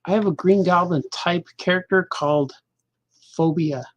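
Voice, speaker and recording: A man's voice: high-pitched, normal speed, dry recording. A middle-aged man hosting a casual show as a cartoonist, rambling and joking loosely, half talking to himself while he draws. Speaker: cartoonist and podcast host.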